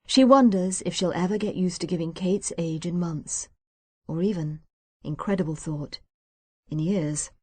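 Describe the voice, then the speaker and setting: A woman narrating a novel in measured storytelling, voicing each character herself. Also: on the low side, dark tone, slightly rough, no echo. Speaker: audiobook narrator. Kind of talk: scripted narration. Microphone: close studio mic.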